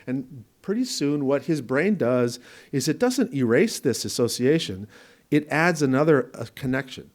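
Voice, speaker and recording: A man's voice: mid-range voice, expressive, a little slow. A man presenting to an audience in a room, explaining ideas conversationally with examples and asides, and repeating words for emphasis. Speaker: presenter at a training event. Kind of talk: conference lecture.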